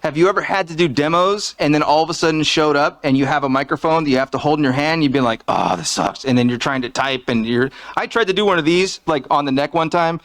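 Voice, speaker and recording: A man in his thirties with a fairly high voice, giving a live conference talk from behind a podium. He speaks into a fixed podium mic in a casual, chatty way, full of jokes and asides. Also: fast, hardly any pauses, fairly bright tone. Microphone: fixed podium microphone.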